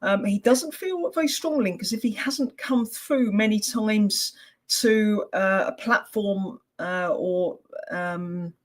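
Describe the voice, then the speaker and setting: Hesitant woman describing a spirit. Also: medium pitch. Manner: tentative, hesitant, many ums and restarts. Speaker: medium. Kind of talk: giving an online mediumship reading.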